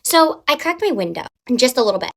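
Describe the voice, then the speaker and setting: A young adult woman telling a true story from her life in a casual, animated way. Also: high voice, fairly quick, gravelly. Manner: animated, dramatic retelling with lots of "like".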